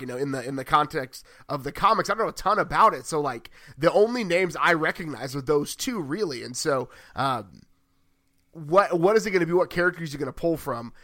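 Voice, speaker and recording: A man with a bright, forward voice pitched a little high, co-hosting a casual podcast. He rambles and corrects himself as he thinks aloud. The sound is close and dry. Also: no room sound. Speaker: podcast co-host. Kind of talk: casual chat.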